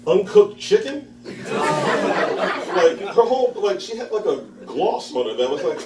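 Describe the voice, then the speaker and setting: A man's voice: high-pitched, sing-song, a little fast, heavy background noise. A man in his thirties telling a rambling stand-up story at an open mic, laughing at his own jokes and acting out the people in it. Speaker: stand-up comedian. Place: bar with live audience. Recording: roomy distant mic with crowd.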